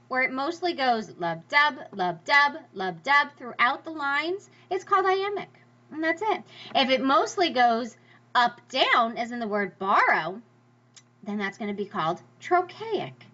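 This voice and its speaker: Lively, bright-voiced woman teacher. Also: high voice. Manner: lively, emphatic, sing-song stress demonstrations. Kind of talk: classroom lecture over slides. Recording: slightly dull lo-fi recording.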